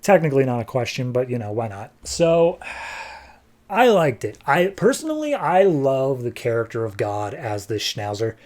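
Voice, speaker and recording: A man's voice: mid-range voice, very animated, normal speed, darkish tone. A man hosting a podcast, reviewing comics in a casual, rambling way.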